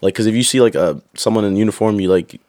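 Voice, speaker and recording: Fast-talking young man, dry sound. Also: lowish voice, no echo. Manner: animated, swearing, acts out drill instructors. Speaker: guest. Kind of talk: casual storytelling chat.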